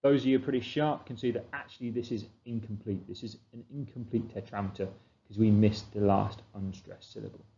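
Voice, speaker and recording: A man's voice: fairly low pitch, steady tone, brisk, creaky, warm tone, muffled recording. A man explaining a literature text in a revision lesson, asking questions and answering them himself. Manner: explanatory, asks and answers his own questions. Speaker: teacher.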